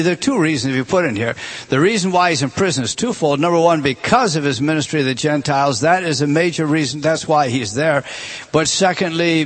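An earnest man teaches through a scripture passage in sermon style, leaning on key phrases and circling back to them. His voice sits a little high for a man. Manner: earnest, repeats words and restarts, stresses key phrases. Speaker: preacher. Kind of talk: expository Bible teaching.

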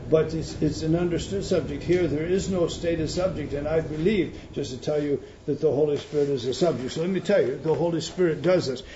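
Guy preaching a sermon, emphatic, goes loud then hushed, slightly high voice, faint hum behind. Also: muffled recording. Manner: emphatic, teaching, swings from loud to quiet.

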